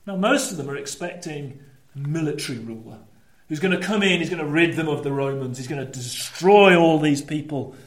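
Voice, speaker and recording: A male preacher with a fairly high voice delivers a sermon in a church. He moves between lively, rising storytelling and dropped, emphatic asides. The room around him rings with echo. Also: fairly quick.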